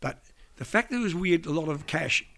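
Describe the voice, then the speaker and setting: A man's voice: on the high side, lively intonation, brisk, sharp tone. An older man, a veteran broadcaster, telling rambling anecdotes in a casual interview, breaking into imitations of people he met. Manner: rambling, restarts sentences, mimics people in quotes.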